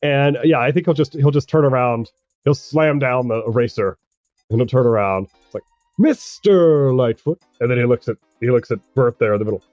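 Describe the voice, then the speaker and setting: A man narrating as game master of a tabletop game, halting and chuckling as he goes. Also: medium pitch, steady tone, darkish tone, no room sound, faint music behind. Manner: halting, full of restarts and chuckles.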